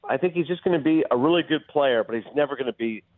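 A man calling into a sports radio show as a guest, chatting fast and animatedly about baseball and movies. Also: mid-range voice, no room sound. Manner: fast, animated, does impressions. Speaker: guest commentator. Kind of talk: casual sports radio chat. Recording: tinny phone-line sound.

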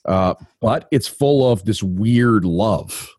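A man's voice: fairly low pitch, takes it slowly, a little mellow, slightly rough, no room sound, clean studio sound. A North American man chatting casually about a film, easygoing and talkative. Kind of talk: casual movie review chat.

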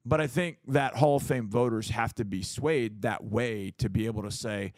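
A middle-aged man co-hosting a sports talk show, making his case in a lively, casual way, often acting out what others would say. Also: medium pitch, normal speed, hardly any pauses, no echo. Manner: animated, acts out quoted voices, repeats words.

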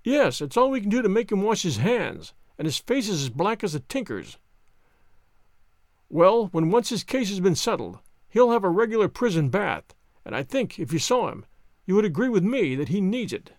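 A man voicing a blunt, hearty veteran police inspector who talks briskly and jovially in a higher, livelier tone. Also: sing-song, no echo, studio quality.

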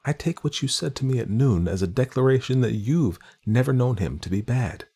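A man's voice: medium pitch, animated, a little fast, vocal fry, mellow, slightly rough, voice pushed up. A man voicing an anxious, earnest young governess woman who speaks formally and precisely in an audiobook reading.

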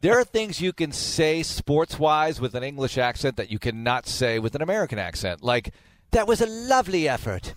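A man co-hosting a casual sports radio chat, playful and quick to laugh. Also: medium pitch, expressive, no echo. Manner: chatty, laughs often, playful.

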